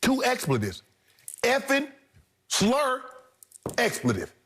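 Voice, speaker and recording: High-pitched male sports debate co-host, blunt and forceful, leans on slang and repetition. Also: huge pitch swings, slow, slightly rough. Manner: emphatic, blunt, slangy, repeats points for punch. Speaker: sports talk show co-host. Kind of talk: heated sports debate commentary.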